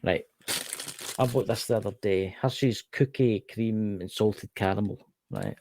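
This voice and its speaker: A man's voice: on the low side, a little slow, noisy background. A Scottish man co-hosting a casual chat show, ranting animatedly and swearing freely. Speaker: podcast co-host.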